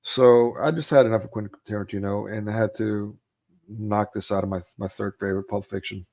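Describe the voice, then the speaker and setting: This man's voice sits on the low side, steady, brisk, and a little mellow. Chatting casually about films, he recalls favorite scenes and acts out quotes in a raised voice. He laughs easily and uses many fillers.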